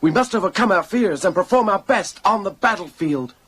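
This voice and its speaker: Picture a young cartoon fighter pilot barking orders from the cockpit. His voice sits high and a little husky, and every line comes out stiff and commanding, with an earnest, duty-bound air. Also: animated, fairly quick, a bit bright, full character voice. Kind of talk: dubbed cartoon dialogue.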